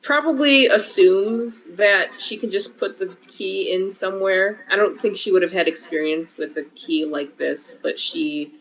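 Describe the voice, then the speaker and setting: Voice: medium pitch, a little slow, hardly any pauses, a bit bright, poor audio. A player in an online tabletop game, describing her character's actions with fillers. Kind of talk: casual tabletop play.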